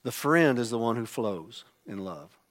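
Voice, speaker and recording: A man preaching a sermon, emphatic, swinging between loud exclamations and hushed asides. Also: mid-range voice, expressive, unhurried. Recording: long hall reverb.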